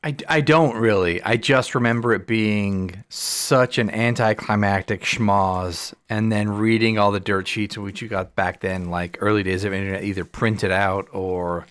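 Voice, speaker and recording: Man, low voice, relaxed casual chat, dry close sound. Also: unhurried, hardly any pauses, no room sound. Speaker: podcast co-host.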